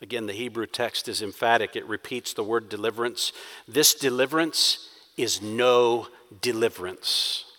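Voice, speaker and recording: A man's voice: medium pitch, moderate pace, pushed and bright, long reverb tail. A man preaching a sermon, acting out quoted prayers with rising intensity. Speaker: pastor.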